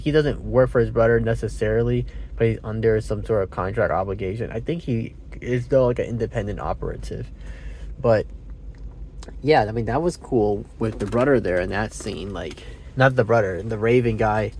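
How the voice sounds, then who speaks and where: A man's voice: mid-range voice, darkish tone, slight background noise. A man giving a casual, rambling movie review, meandering with fillers and self-corrections, sounding sleepy. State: sleepy, yawning.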